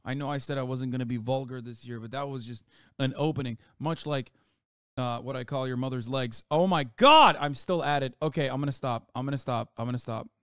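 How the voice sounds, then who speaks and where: Sarcastic streamer man with a smooth voice. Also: mid-range voice, fairly even intonation, fairly quick, no room sound, clean studio sound. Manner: profane, sarcastic ranting. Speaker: livestreamer. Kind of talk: livestream reaction commentary.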